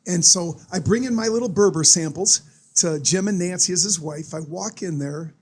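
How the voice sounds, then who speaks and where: High husky guy, ex football player, just chatting and telling stories with lots of energy. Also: normal speed. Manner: animated, acts out voices in anecdotes. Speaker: podcast guest, former pro football running back. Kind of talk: casual storytelling.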